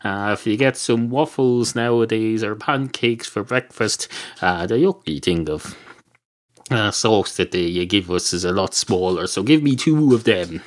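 A man's voice: fairly low pitch, a little slow, close to an everyday voice. A man voicing a fussy, sarcastic male cat customer who rambles and swears indignantly.

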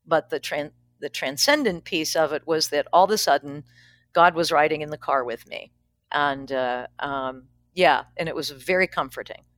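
A middle-aged woman with a fairly low voice tells a personal story with frankness and a dry, wry humor. Her speech is plain and direct. The recording is close and dry, with no room sound. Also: moderate pace, fairly bright tone, no echo. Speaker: pastor, guest. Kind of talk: candid personal storytelling in a podcast interview.

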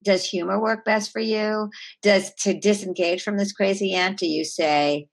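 A woman author, a guest on an interview, who explains her ideas earnestly, with wide swings in pitch and loudness. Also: steady tone, normal speed. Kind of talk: conversational interview.

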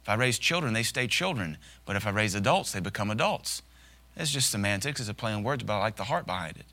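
Bright-voiced male pastor preaching. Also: on the low side, animated, fast. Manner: folksy, humorous preaching with acted asides. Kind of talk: sermon.

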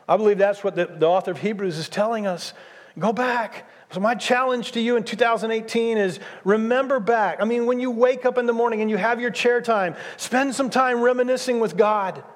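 A man in his sixties, a pastor preaching a sermon, speaking emphatically and repeating his key phrases. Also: high-pitched. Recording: long hall reverb.

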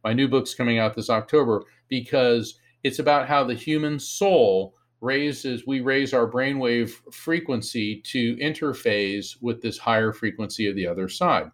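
A man tells a story as a guest on an interview show, with a lively, animated delivery. He acts out the lines of the people in it, raising his voice for each quoted line. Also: medium pitch, a little slow, few pauses. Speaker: psychic medium, author.

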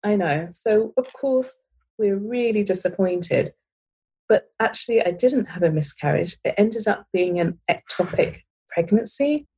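A woman in her thirties with a husky, slightly breathy voice and a middle pitch. She tells a personal story to an interviewer in a candid, unpolished way, full of fillers and restarts. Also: expressive, a little slow, darkish tone, poor audio. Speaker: interview guest.

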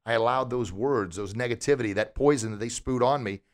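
A man hosting a podcast, giving an energetic motivational talk as a martial arts instructor and asking his listeners lots of rhetorical questions. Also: medium pitch, brisk.

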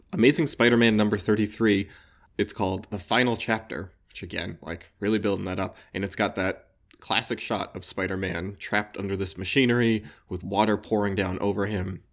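A man with a slight New England accent, co-hosting a casual comic book podcast, eager and quick to laugh. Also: lowish voice, steady tone, fairly bright tone. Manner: enthusiastic, laughs often, repeats words. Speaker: podcast co-host.

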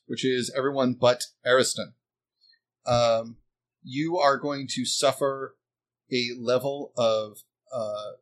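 A man running a tabletop game as game master, setting scenes slowly and deliberately. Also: medium pitch.

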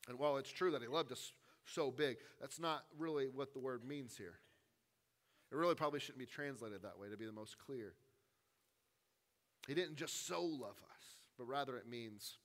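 Delivering a sermon at a moderate pace, this pastor has a mid-range voice. He shifts from quiet, intimate moments to loud appeals that build upward.

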